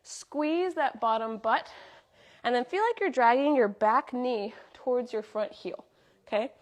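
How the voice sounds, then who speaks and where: A somewhat high-voiced young woman coaching a live workout, counting off reps and calling out body cues. She stays upbeat and sounds a little out of breath as she moves. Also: a little slow. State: slightly out of breath. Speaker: fitness instructor. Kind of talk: live workout class instruction.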